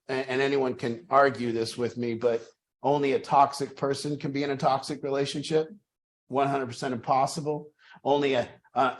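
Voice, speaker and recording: A man leading a group session, his voice in a middle register. He speaks emphatically, circling back on key phrases and restarting sentences. Now and then he swears for emphasis. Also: mid-range voice. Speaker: group leader. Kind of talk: motivational group talk.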